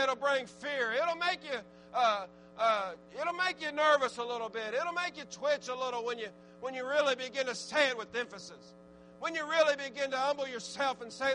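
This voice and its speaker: A man preaching a sermon, swinging from fervent exhortation to low, conversational asides. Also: moderate pace, slight background noise, poor audio. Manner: rising to fervent shouted exhortation, then dropping low and conversational.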